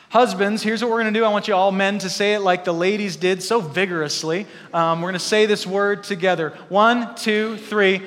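A man in his thirties delivers a sermon in a high, buoyant voice. He is animated and jokes with the congregation between points. A long reverb from the church hall trails each phrase. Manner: animated, joking asides to the congregation. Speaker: pastor.

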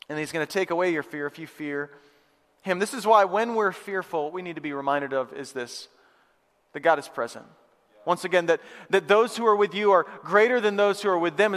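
A male pastor giving a lively, conversational sermon to a live church congregation, repeating phrases for emphasis. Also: high-pitched. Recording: long hall reverb.

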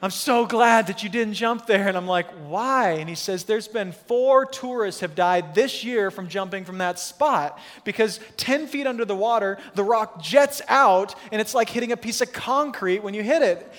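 A man in his thirties, a pastor telling a story in a lively, self-mocking sermon at church. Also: high-pitched, normal speed, hardly any pauses. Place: church hall. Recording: long hall reverb.

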